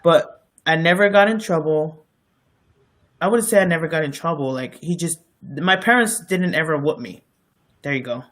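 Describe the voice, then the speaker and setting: A man's voice: on the high side, normal speed, a bit bright. A man co-hosting a podcast, telling stories in a rambling, casual way with many fillers and restarts. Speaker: podcast co-host. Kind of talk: casual storytelling chat.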